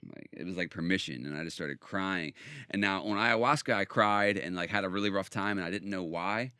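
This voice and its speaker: A man's voice: low-pitched, fairly quick, bright, forceful tone, smooth, no room sound, clean studio sound. A man hosting a podcast, telling a personal story in an emphatic, intense way and often checking in with "right?". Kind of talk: casual podcast conversation. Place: podcast studio.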